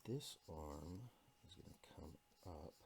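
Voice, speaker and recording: A man's voice: low-pitched, lively intonation, slow, gravelly, darkish tone, a little hiss or hum. A man talking through his drawing process in real time, thinking aloud and making self-critical asides as he sketches. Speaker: artist drawing a live tutorial. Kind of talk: unscripted drawing commentary.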